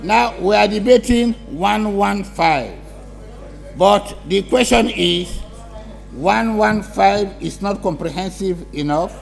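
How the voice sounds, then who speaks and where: Chairing a parliamentary debate in the chamber, the male speaker of parliament rules firmly on points of order, interrupts, and presses his disagreement emphatically. He speaks slowly in a high voice with vocal fry, and faint music plays behind him.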